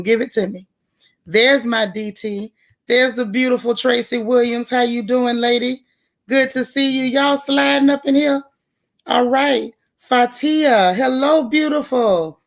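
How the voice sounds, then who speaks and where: A woman hosting a live gossip show, chatting casually and greeting viewers one by one in a folksy way. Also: a little high. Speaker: livestream gossip show host.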